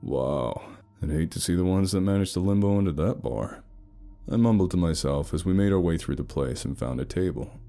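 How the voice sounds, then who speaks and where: A man's voice: low voice, lively intonation, brisk, mellow, faint music behind. A man narrating a first-person romance horror story in a wry, sarcastic storytelling manner.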